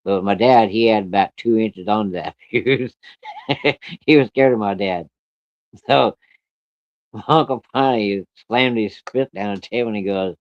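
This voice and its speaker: A man with a fairly low voice tells a true-life story in a loose, folksy, rough-spoken way, chuckling as he talks. The recording is dry and dull, a little lo-fi. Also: a little slow, pauses often, no echo.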